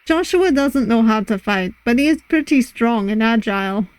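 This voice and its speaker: A woman voicing a shy, reserved masked ship's doctor in an amateur Russian accent, speaking formally and haltingly. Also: on the high side, lively intonation, clean tone, dry recording, close to an everyday voice, low-quality recording.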